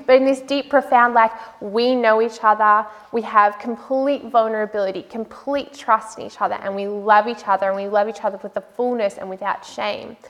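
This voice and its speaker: A woman sharing a personal faith testimony, earnest and heartfelt, often using "like" as a filler. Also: fairly high pitch. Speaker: speaker sharing her faith story.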